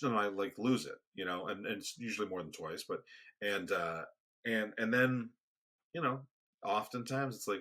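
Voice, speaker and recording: Bright-toned man, halting podcast chat. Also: lowish voice. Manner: halting, restarts often, searching for words. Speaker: podcast co-host. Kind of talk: casual conversation.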